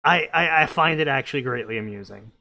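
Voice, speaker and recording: Animated and a little fast, this co-host reading fanfiction has a medium-pitched voice that sounds pushed and bright, with vocal fry and no echo. He jokes and rambles with friends in comedic commentary, slipping into goofy voices.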